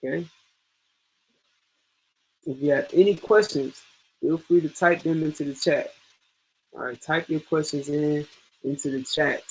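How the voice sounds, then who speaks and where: Slow, husky male teacher. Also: a little high, steady tone, low-quality recording. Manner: patient, repeats and drills each point. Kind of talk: online class lesson.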